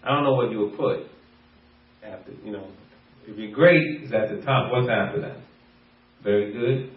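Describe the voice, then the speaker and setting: A pastor preaches a sermon playfully, laughing often as he acts out snippets of everyday talk. His voice is on the low side at normal speed, heard from far off in an echoey room with dull sound.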